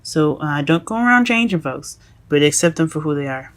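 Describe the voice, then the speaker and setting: A woman giving a casual tarot reading to her viewers, halting and self-correcting as she goes, often calling them "guys". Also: low voice, animated, heavy background noise. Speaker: tarot reader.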